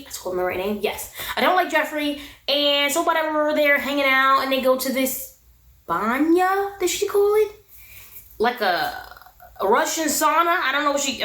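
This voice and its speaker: Woman, high voice, sassy and animated, echoey room. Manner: animated, sassy, laughs often. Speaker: recap vlogger. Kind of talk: casual reality TV recap. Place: her room.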